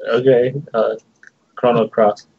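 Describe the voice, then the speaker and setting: A man on a casual podcast panel who speaks at a middling pitch in a sheepish, hesitant way, laughing as he goes. The recording is muffled and lo-fi, like a streamed online call. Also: little pitch movement, slow, a little mellow, husky.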